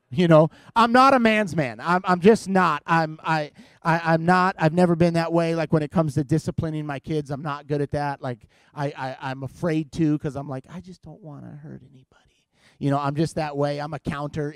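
A middle-aged man preaching in a comic storytelling way, self-deprecating and full of halting restarts. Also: on the high side, fairly even intonation, no echo, clean studio sound. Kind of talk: comedic sermon storytelling.

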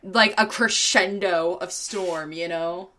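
A woman's voice: fairly low pitch, steady tone, takes it slowly, pushed and bright. A woman, co-hosting a podcast in casual chat, rambling, laughing often and swearing freely. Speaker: podcast co-host.

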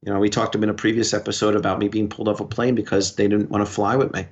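A man with a fairly low voice recounts a story as a podcast guest. He talks in short bursts and quotes each exchange back and forth. The recording sounds dull and lo-fi. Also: flat delivery. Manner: recounts events in quick short bursts, quoting dialogue. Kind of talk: conversational storytelling.

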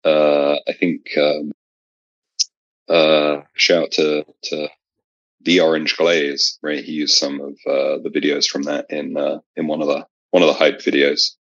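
Very deep-voiced British man, hesitant. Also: flat delivery, measured pace, fairly bright tone, no room sound, dull audio. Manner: hesitant, many fillers. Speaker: podcast guest, strongman lifter. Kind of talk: casual chat.

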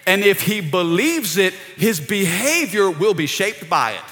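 A middle-aged man preaching a sermon in a church, energetic and calling out to the congregation. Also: high-pitched, a little slow, soft background music. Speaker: pastor. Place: church sanctuary. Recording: long reverb of a large hall.

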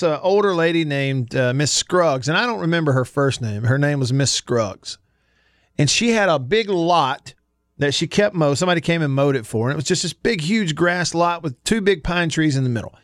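A man's voice: fairly high pitch, no echo, clean studio sound. A man in his forties from Alabama with a Southern accent, hosting a sports radio show and telling stories in a chatty way, laughing often. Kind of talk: casual sports radio talk.

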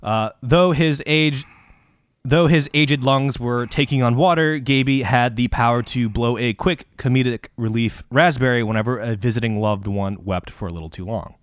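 A man's voice: medium pitch, normal speed, dry recording. A man co-hosting a comedy podcast, ranting with sweary, confident asides. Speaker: podcast co-host. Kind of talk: casual comedy podcast chat.

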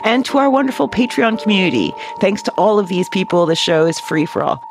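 A woman's voice: medium pitch, lively intonation, fairly quick, over music. A woman co-hosting a podcast in casual banter, laughing often and teasing her co-hosts. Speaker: podcast co-host.

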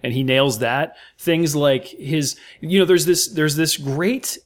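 An American man guesting on a podcast chats casually about a film, speaking slowly in a slightly high voice. He's emphatically enthusiastic and uses many fillers.

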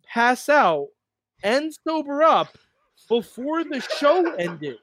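A man co-hosting a casual wrestling talk show, telling stories with animated, mocking sung bits. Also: extremely high pitch, takes it slowly, slight background noise. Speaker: podcast co-host. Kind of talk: casual chat.

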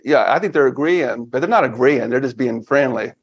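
A man in his fifties talks casually as a podcast guest, with a mid-range voice. He speaks with energy and keeps acting out excited little asides. The audio sounds a little dull and lo-fi. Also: mid-range voice, normal speed, slightly rough. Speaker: podcast guest, finance firm founder. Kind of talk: casual interview talk.

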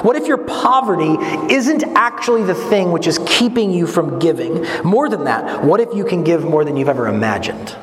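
A man preaching a sermon, earnest and emphatic, swinging from strong peaks down to low, quiet lines. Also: very animated, moderate pace, few pauses. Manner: gestures while speaking. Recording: echoey hall with long reverb, faint noise.

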